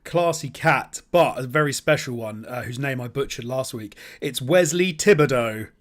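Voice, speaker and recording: A man's voice: medium pitch, normal speed, a bit bright. A man from the UK co-hosting a podcast in casual chat, talkative and full of questions. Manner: chatty, asks lots of questions. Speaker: podcast co-host.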